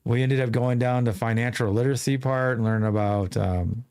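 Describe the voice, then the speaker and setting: A man's voice: medium pitch, fairly even intonation, fairly quick, a little mellow, smooth. A man hosting a podcast, telling a long story in casual chat with many restarts. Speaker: podcast host.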